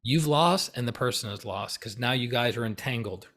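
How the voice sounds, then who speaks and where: A man talks through a spiritual teaching in a relaxed, conversational style. He checks in with listeners and often slips into brief acted-out outbursts before settling back into a calm, mid-range voice. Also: mid-range voice, normal speed. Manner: animated, acts out heated voices mid-talk; conversational, many fillers and tag questions. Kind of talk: casual teaching talk.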